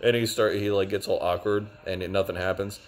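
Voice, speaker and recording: A man's voice: deep voice, fairly even intonation, a little fast. A young man giving a casual, rambling video review with lots of fillers. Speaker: show reviewer.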